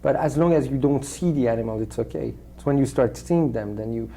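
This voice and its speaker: A man with a French accent, a native French speaker raised in Switzerland, answering interview questions in a halting way with many restarts and fillers. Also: medium pitch, creaky, warm tone, a little hiss or hum. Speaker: actor, interview guest.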